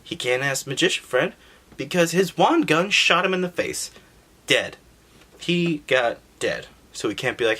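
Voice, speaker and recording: A man with a fairly high voice speaks a bit slowly while hosting a gaming history channel. Sarcastic and animated, he recaps an old video game story in a relaxed way, joking and swearing throughout.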